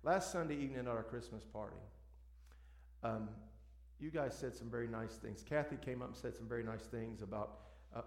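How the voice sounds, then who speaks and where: Gravelly-voiced pastor in a church. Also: male voice, medium pitch. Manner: repeats words, warm halting delivery. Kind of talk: church sermon introduction and prayer. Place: church sanctuary. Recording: echoey church sanctuary.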